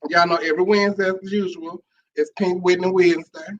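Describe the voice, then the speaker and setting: Sassy high-voiced talk show host. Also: male voice, fairly quick, lo-fi sound, slight background noise. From Monroe, Louisiana. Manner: sassy, animated, calls viewers child and honey. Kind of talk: casual live-stream talk show.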